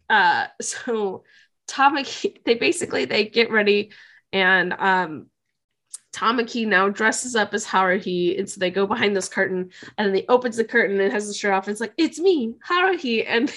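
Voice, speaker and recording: Woman on a podcast, chatty and animated, slightly higher voice. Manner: animated storytelling, laughs often, acts out quotes. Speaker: podcast co-host. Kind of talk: casual chat recapping an anime.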